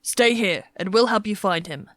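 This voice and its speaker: A woman's voice: mid-range voice, moderate pace, dry recording, studio quality, lightly acted. A woman reading an audiobook, voicing a grave, matter-of-fact male foot soldier.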